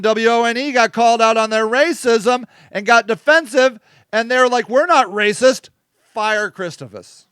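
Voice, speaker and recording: Host type: blunt man who swears, fairly high and smooth voice, dry close sound. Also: a bit bright, dry recording. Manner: blunt, swears, repeats "okay?". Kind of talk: casual live-stream monologue.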